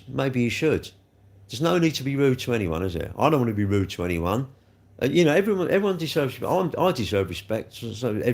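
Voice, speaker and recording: Male livestreamer, rambling, talks straight to chat, gravelly with a very lively pitch. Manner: rambling, repeats himself, talks straight to viewers. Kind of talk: live stream chat, reacting to viewer comments.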